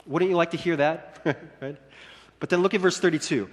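A man preaching a sermon in a church hall, lively and acting out the quoted lines. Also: sits high, brisk. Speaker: pastor.

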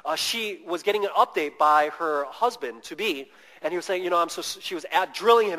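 A fairly high-voiced man preaches with animated energy, swinging from hushed lows to loud bursts as he acts out the people in his stories. His voice rings with a long reverb, as if he stands in a big hall. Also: fairly quick. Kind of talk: sermon.

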